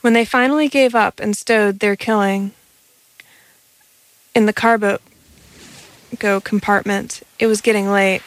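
A woman's voice: medium pitch, fairly even intonation, measured pace, long pauses, no room sound, low-quality recording. A woman reading a science fiction story aloud in a plain way, with occasional stumbles. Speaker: narrator.

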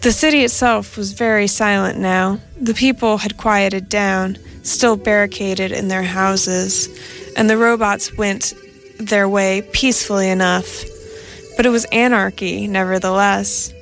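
A woman reading a first-person story in a steady, measured narration. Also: medium pitch, soft background music.

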